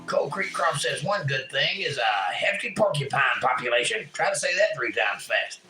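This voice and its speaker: A man's voice: mid-range voice, expressive, normal speed, roomy sound, loud music behind the voice, poor audio. A man hosting a casual livestream at home, reading chat messages aloud and joking with puns.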